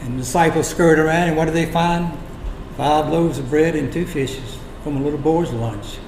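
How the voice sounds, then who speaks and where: Guy preaching a sermon, high voice, dramatic pauses, faint room hum behind. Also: a little mellow. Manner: dramatic storytelling with long pauses. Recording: echoey room.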